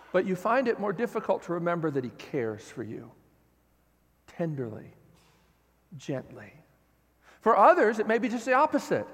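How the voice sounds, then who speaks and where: A man preaching an earnest, animated sermon as a pastor. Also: high voice. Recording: long hall reverb.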